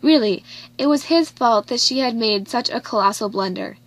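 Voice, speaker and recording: A woman's voice: a little high, lively intonation, normal speed. Woman reading a novel aloud. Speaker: audiobook reader. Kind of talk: scripted narration.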